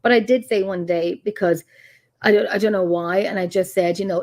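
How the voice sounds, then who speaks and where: A middle-aged woman with an Irish accent, a paranormal researcher telling stories in a casual interview chat, animated and quick to laugh. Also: mid-range voice. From Ireland. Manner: animated storyteller, laughs often, acts out quotes.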